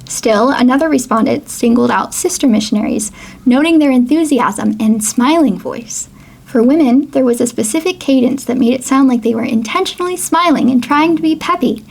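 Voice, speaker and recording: A woman with a high, creaky voice and a darkish tone speaks at a moderate pace. She hosts an educational video in a casual vlog style, chatting as she reads quotes aloud and comments on them, laughing now and then.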